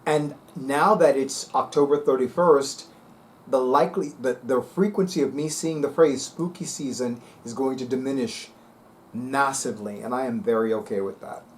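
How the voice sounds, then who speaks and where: A man's voice: medium pitch, normal speed, a little hiss or hum. A man talking casually to viewers as a vlog host, sassy, emphatic and dramatic. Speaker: spiritual video host.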